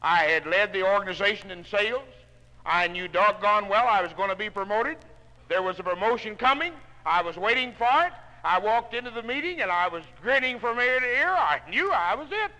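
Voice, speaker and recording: A man giving a folksy motivational speech to salespeople, telling homespun stories and swinging from hushed tones to loud ones, on a 1960s spoken-word record. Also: high voice, expressive, a little fast, in a large hall, rough recording.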